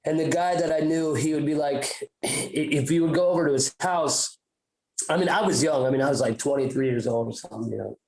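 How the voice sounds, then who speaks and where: A man's voice: a little high, a little fast, a little mellow, echoey room, rough recording. A man telling a story on a podcast in a casual, profane, rambling way with many restarts. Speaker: podcast co-host.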